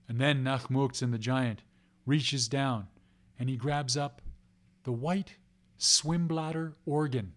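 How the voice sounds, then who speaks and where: A man's voice: mid-range voice, fairly even intonation, slow pace. A man telling a legend aloud in a rhythmic way, repeating phrases and place names. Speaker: storyteller. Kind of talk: oral storytelling of a legend.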